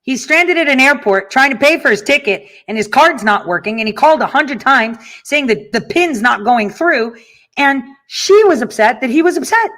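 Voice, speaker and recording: A middle-aged woman on her talk show addresses listeners in a casual monologue, swearing freely, ranting bluntly, and laughing through her stories. Her voice is high and a bit bright, with lively intonation at a moderate pace.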